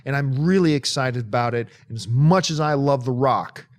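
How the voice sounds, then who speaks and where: Co-hosting a movie talk show, a man speaks at medium pitch and moderate pace in a casual, emphatic, animated way. He has sudden bursts of enthusiasm and breaks into singing now and then.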